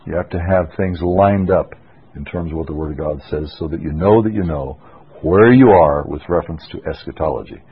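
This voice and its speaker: A deep, breathy-voiced male preacher delivers an expository sermon with emphatic, insistent conviction. His voice is rough and low. It comes through a muffled, lo-fi radio broadcast. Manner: emphatic, rising to forceful insistence.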